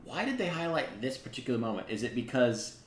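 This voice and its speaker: A man's voice: mid-range voice, very animated, fast, echoey room, slight background noise. A young man co-hosting a casual podcast chat, thinking aloud with lots of fillers. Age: young adult. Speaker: podcast co-host.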